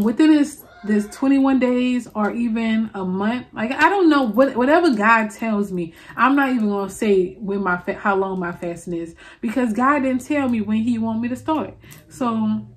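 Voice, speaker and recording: Chatty New Orleans woman in her late twenties. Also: mid-range voice. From New Orleans, USA. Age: 20s. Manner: chatty, rambling, many fillers and restarts, addresses listeners as y'all. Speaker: podcast host. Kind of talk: casual solo confessional talk.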